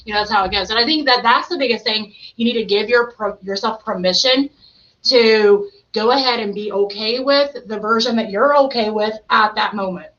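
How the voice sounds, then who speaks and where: Chatty, lively woman host, slightly high voice. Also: moderate pace, dull audio. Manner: animated, talkative, playful with quoted voices. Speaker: podcast host. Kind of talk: casual chat.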